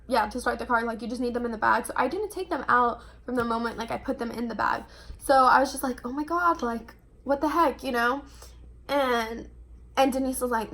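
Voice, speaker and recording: A woman's voice: sits high, a bit bright. A young adult woman vlogger telling a casual storytime to camera, chatty and full of "like". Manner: chatty, fills every phrase with "like".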